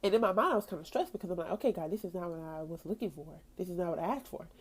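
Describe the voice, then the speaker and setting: Animated woman telling a faith story. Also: lowish voice, racing, husky. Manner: animated storytelling, acting out her own past thoughts; casual, slangy, with frequent "like" and laughs. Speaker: podcast host. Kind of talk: faith podcast talk.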